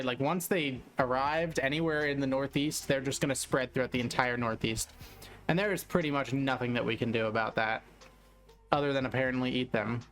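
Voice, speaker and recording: A man's voice: mid-range voice, a bit bright. A man casually commenting on fishing news during a live stream, with offhand, wry reactions and mild swearing.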